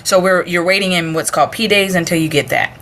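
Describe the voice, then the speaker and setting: Woman, 30s, sailor on a podcast; casual, lively storyteller with a lowish voice and lots of "like.". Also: quick pace, faint music behind. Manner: animated, laughs often, many "like" fillers. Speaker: podcast guest, navy sailor.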